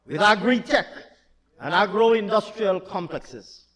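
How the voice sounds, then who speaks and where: Slow, emphatic man in parliament. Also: high voice, animated. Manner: emphatic and repetitive, building to shouting. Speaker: finance minister. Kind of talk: parliamentary budget speech. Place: parliament chamber. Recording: long hall reverb in a large chamber.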